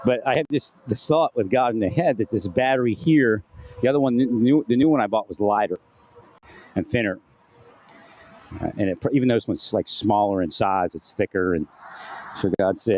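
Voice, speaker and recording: A man's voice: fairly low pitch, a little fast, a little mellow, muffled recording, a little hiss or hum. A man rambling through a personal monologue into his own mic at home, distracted and restarting often. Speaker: vlogger. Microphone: home recording setup with phantom-powered mic.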